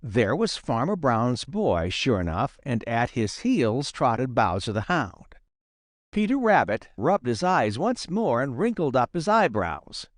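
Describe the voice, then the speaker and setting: Male audiobook narrator for a kids' story, animated delivery, dry close sound. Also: mid-range voice, measured pace, no room sound. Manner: lively, expressive reading.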